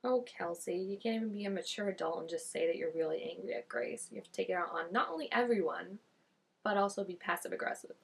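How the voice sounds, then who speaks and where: A young woman giving casual, chatty reaction commentary, expressive and quick with asides. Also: lowish voice, creaky, breathy edge. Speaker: reaction vlogger.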